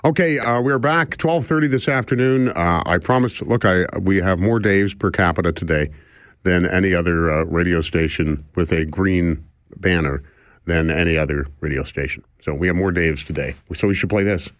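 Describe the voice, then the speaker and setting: A man's voice: low-pitched, normal speed, dry recording. Chuckling older male radio host. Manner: rambling, chuckling, self-deprecating. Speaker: radio talk show host. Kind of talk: casual radio talk. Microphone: studio microphone.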